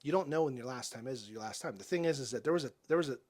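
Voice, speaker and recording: A man in his forties, a podcast guest telling personal stories in an earnest, halting way, often restarting and dropping soft and quiet. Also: mid-range voice, lively intonation. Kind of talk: reflective personal storytelling.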